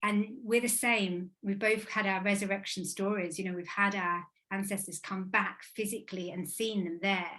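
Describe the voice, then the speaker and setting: A woman's voice: medium pitch, steady tone, moderate pace, hardly any pauses, sharp tone. A woman in her thirties from England, a guest speaker talking about spirit and grief in an earnest, emotional, rambling way. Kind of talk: casual spiritual talk.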